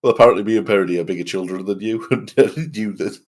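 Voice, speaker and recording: A laid-back man with a low, slightly husky voice, chatting on a podcast. He rambles through stories with plenty of chuckles and reads out quiz questions to his co-hosts. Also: fairly even intonation, quick pace, a little mellow. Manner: laughing, rambling, quizzing the others. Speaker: podcast co-host. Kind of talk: casual chat.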